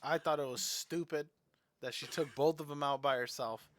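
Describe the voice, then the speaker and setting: A man's voice: a little high, fairly even intonation, moderate pace, a bit bright. A man co-hosting a podcast in casual chat, giving blunt, dismissive opinions. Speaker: podcast co-host.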